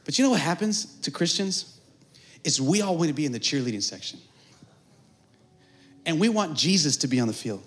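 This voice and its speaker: A pastor preaching a sermon, moving from joking, conversational asides to shouted, fervent climaxes. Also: male voice, on the high side, lively intonation, a little fast, long pauses.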